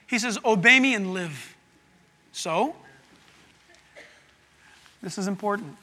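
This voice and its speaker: A man preaches a sermon, his voice very high and sharply bright. He moves from quiet, intimate asides to loud, fervent passages. A long reverb trails each phrase, as in a big hall. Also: measured pace, long pauses. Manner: animated preaching, swings from soft to loud. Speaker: pastor.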